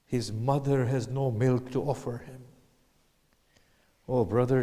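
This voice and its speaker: A man preaches at an unhurried pace, his voice sinking to near-whispers and rising to loud, anguished cries. His voice is mid-pitched and carries a long reverb, as in a large hall. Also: steady tone. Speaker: lecturer. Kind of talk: sermon retelling a tragic narrative.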